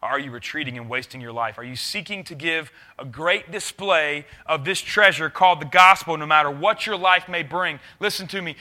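A youth pastor preaches to his congregation. His voice sits a little high and rings very bright. He moves from loud urging to hushed, intense asides. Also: moderate pace, few pauses. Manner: earnest preaching, swings between loud urging and quiet intensity. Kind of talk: sermon.

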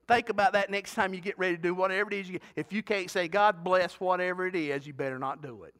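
A middle-aged male pastor with a high-pitched voice, delivering a sermon. His tone is bright and forceful. He talks in a chatty, folksy way and keeps asking the congregation questions. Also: fast, hardly any pauses. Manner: folksy, talkative preaching with rhetorical questions to the congregation.

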